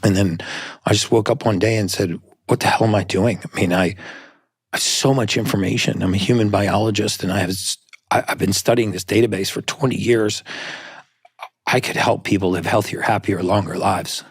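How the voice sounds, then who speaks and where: A man's voice: fairly low pitch, steady tone, normal speed, husky, dry recording, clean studio sound. A man speaking as a guest in a conversational interview, talking earnestly and explaining at length.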